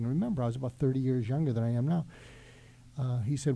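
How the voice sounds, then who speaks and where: Man, middle-aged, very dark warm tone, reflective anecdote, halting with fillers. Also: medium pitch. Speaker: guest doctor. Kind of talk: storytelling on a talk show.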